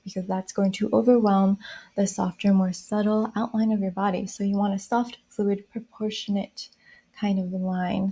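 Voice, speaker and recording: A woman explaining a style system in a lesson, speaking softly and listing qualities one phrase at a time. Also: medium pitch. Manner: slow, soft-spoken, listing qualities one by one. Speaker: style educator.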